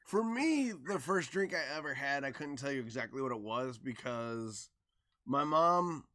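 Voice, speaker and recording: A man's voice: medium pitch, unhurried. A man co-hosting a podcast, telling a story in casual chat, swearing freely and acting out the people he quotes. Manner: animated, swearing, acts out quotes loudly. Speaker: podcast co-host.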